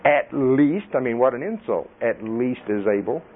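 Middle-aged male preacher, folksy and animated, mid-range voice on tinny audio. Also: medium pitch, moderate pace. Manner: folksy and animated, laughing often. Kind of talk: sermon.

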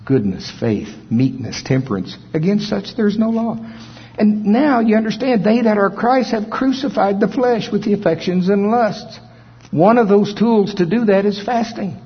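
Husky preacher man in echoey hall. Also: a little high, moderate pace. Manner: animated, swings from loud preaching to soft asides. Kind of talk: sermon. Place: church hall. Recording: muffled sound in a long-echo hall.

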